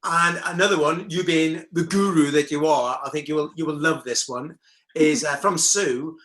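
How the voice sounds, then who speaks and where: A man co-presents with relaxed banter and reads questions out with small hesitations. His voice is bright and a bit high for a man, and it echoes in a roomy space. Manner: jokey, relaxed, a little halting. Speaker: co-presenter reading viewer questions. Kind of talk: casual chat. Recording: roomy echo.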